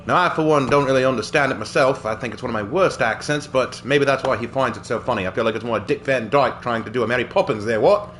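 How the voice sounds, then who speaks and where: A man's voice: mid-range voice, quick pace, few pauses, a bit bright. A male gaming streamer commentating his gameplay live in an exaggerated, put-on British accent, jokey and theatrical, peppering his talk with stock posh phrases.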